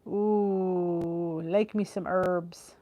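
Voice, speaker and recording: Her voice is lowish and warm, with fairly even intonation, drawn-out words and a lo-fi sound from her computer on a video call. A chatty middle-aged woman, she hosts a live cooking stream from home, reading viewer comments aloud, gasping, trailing off mid-thought and yawning wearily in the heat.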